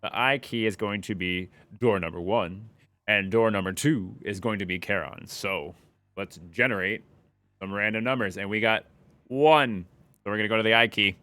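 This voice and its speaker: A young male streamer gives playful live commentary while gaming, humming along and taunting enemies. His fairly low voice comes at normal speed, pushed and bright, with no echo.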